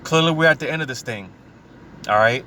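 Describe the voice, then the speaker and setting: Man, informal preaching, mid-pitched voice, laid-back and repetitive, slow scripture reading, faint street noise behind. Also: sharp tone. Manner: casual, repeats filler words like "man" and "you know"; reads scripture aloud slowly. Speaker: scripture teacher.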